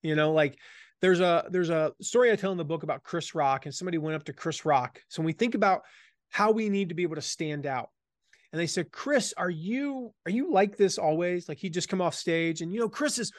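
A man from the American South speaking as an author and guest in a conversational interview, energetic and emphatic, repeating his key phrases. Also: on the high side, fast talker, dry recording, studio quality. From Southern United States.

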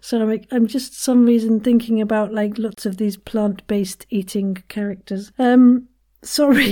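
A woman hosting a podcast episode, playfully leading listeners through vocal warm-ups and demonstrating the sounds herself, often giggling and slipping into whispers. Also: mid-range voice, steady tone, normal speed. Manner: demonstrates vocal exercises out loud. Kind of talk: playful instructional warm-up coaching.

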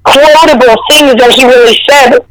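A woman with a high voice comments on politics in a casual chat, pausing and hesitating as she checks her notes. Clear noise and clicking sit under her voice through the whole recording. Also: steady tone. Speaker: political talk show co-host.

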